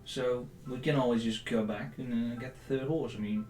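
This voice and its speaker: A man's voice: mid-range voice, fairly even intonation, moderate pace, darkish tone. A man with a Dutch accent playing a tabletop game, playful and teasing. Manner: playful, teasing, laughs often. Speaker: player. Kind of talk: casual tabletop role-play chat. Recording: echoey room, faint music.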